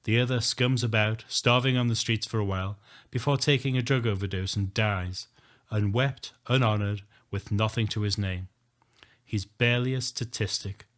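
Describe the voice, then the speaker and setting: Man, audiobook narrator, earnest first-person telling. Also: lowish voice. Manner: earnest, emotional, rising to shouting.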